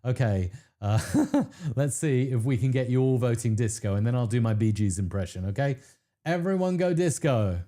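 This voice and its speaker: A man hosting a live stream, chatting to viewers with bursts of excitement and frequent laughter. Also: normal speed. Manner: excitable, laughs often, pitch jumps when thrilled. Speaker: livestream host.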